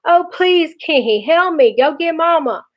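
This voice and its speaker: A panicky boy who wails and begs for help in a shrill, high voice, as a woman reads him aloud. The sound is dull and lo-fi, like a simple home recording of a storybook. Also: lively intonation, a little slow. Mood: pleading panic. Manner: pleading, wailing. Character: boy with lips frozen to a mirror, panicking.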